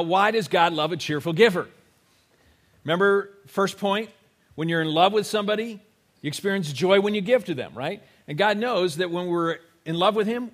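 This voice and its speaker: Preaching from the church sanctuary, this pastor has a voice that sits high. He addresses the congregation in a chatty way, frequently asking "right?" and voicing short quotes.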